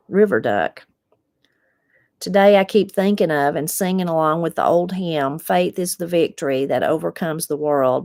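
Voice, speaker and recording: Low-voiced folksy Appalachian woman. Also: gravelly, a little mellow, no room sound, studio quality. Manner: unhurried, folksy, reflective. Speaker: host reading viewer comments. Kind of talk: casual chat.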